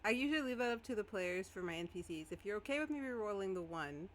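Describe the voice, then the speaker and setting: A woman's voice: mid-range voice, animated, fast. A woman acting as game master in a live-streamed tabletop game, narrating casually and laughing often.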